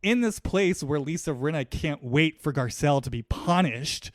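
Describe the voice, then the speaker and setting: A man's voice: a little high, lively intonation, normal speed, no echo, studio quality. A man hosting a solo podcast, talking in a reflective, conversational way, loose with fillers. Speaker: podcast host.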